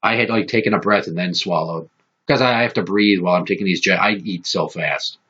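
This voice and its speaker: A man with a low, husky voice hosts a podcast and spins profane, animated stories. He talks with a hard, forceful edge. The audio is dull and lo-fi. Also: fairly quick. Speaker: podcast host. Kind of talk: casual podcast storytelling.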